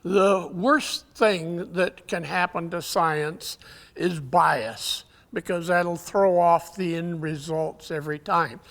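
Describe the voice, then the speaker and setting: A man giving a conference talk, telling jokes in a folksy, halting way, his voice weakened, often clearing his throat. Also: a little high, steady tone, a bit bright. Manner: folksy, halting storyteller with many uhs. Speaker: conference speaker. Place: conference hall. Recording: long hall reverb.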